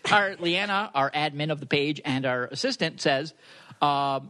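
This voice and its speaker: A man's voice: a little high, moderate pace, sharp tone. A man co-hosting a podcast in casual chat, reading listener posts aloud and joking at his own expense. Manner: joking, self-deprecating. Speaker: podcast co-host.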